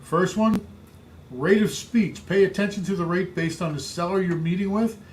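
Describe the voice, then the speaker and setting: A man with a somewhat high voice coaches real estate agents in an emphatic, driving way. He repeats key phrases to hammer them home, speaking straight to his listeners as their trainer. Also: normal speed, darkish tone, slight background noise.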